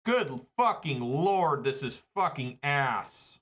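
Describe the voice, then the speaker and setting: A man's voice: medium pitch, fairly bright tone. A man playing an online card game, commenting on his play in a profane, exasperated rant. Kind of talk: live gameplay commentary.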